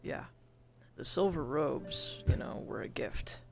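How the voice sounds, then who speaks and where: In a virtual world, a man role-plays a touchy, grey-haired young man who is exasperated, swearing and sighing as a drawl undercuts his attempt at formal speech. The performance is exaggerated, slow, gravelly and on the high side, expressive, with music behind it.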